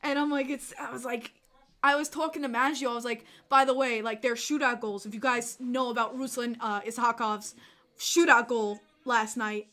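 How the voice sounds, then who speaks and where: A woman hosting a casual livestream, excitable and chatty, laughing often and swearing casually. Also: fairly high pitch, normal speed. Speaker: livestream host.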